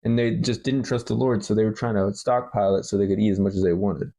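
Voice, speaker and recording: A man's voice: lowish voice, flat delivery, quick pace, dark tone. A man co-hosting a casual Bible study chat, explaining scripture plainly and arguing his points. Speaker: co-host of a Bible study podcast.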